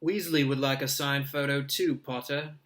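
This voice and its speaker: A man's voice: medium pitch, steady tone, moderate pace, natural voice. A man doing a sneering teenage schoolboy bully. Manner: scathing, mocking and loud.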